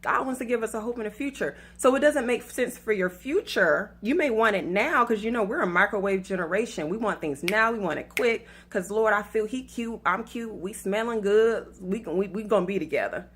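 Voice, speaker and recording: Brisk, with few pauses, a woman with a medium-pitched, expressive voice that's a bit bright and slightly rough shares faith-based dating advice. She's from Atlanta in the US South, speaks with a Southern accent, laughs at her own story, and calls her viewers y'all.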